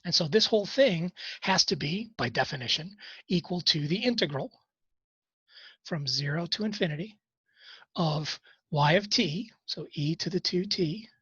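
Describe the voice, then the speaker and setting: A man's voice: a little high, lively intonation, moderate pace, fairly bright tone, breathy edge, dry recording, highs cut off. A man teaching a college math class, talking through problems in a casual way with wry asides. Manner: conversational, self-deprecating asides while working problems. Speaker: math instructor. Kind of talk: recorded class lecture.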